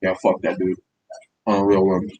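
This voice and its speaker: Male podcast co-host, lower register, crude teasing banter, faint background noise. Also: completely flat delivery, highs cut off. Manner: profane, teasing, quick roasting jokes.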